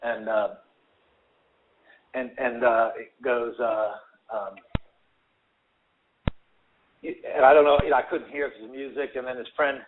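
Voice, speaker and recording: A man's voice: medium pitch, slow, pauses often. Man telling fight stories over a phone line. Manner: animated storyteller, acts out quotes, many fillers. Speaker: guest, former fighter. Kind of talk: casual storytelling on a radio show. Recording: tinny phone line with faint hiss.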